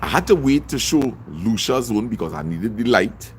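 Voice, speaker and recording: A middle-aged man's fairly low voice swings widely in pitch at a moderate pace as he hosts a livestream, over slight background noise. Chatty throughout, he reads comments and calls out viewers by name.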